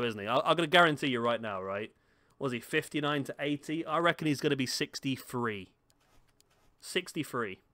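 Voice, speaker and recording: A gaming YouTuber at home gives casual, chatty commentary on a football game, talking to the players on screen and joking at his own expense. His voice is medium-pitched with a fairly bright tone.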